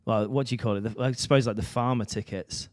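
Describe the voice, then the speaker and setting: A man's voice: fairly low pitch, fairly even intonation, fast, a little mellow, dry recording, studio quality. A man, co-hosting a podcast in casual, sweary, joking banter. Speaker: podcast co-host.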